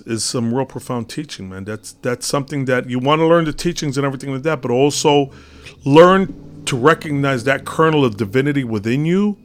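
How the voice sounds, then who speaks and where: A man giving a casual, rambling monologue on spiritual teachings, telling a parable with many fillers and restarts. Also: mid-range voice.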